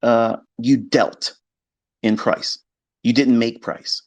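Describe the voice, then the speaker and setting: Man, mid pitch, blunt and profane, casual monologue to a live audio audience. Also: fairly even intonation, takes it slowly, highs cut off. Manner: blunt, emphatic, swears, mimics skeptics in quoted asides. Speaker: trading educator hosting a live audio space. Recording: live audio chat stream.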